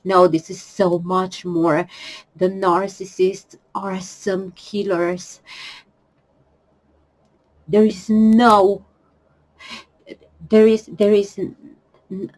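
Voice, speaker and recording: Tearful woman speaking slowly, halting. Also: medium pitch, low-quality recording. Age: 50s. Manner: halting, repeats words, emotional pleading. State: tearful, crying at times. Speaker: vlogger. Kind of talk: personal confessional vlog.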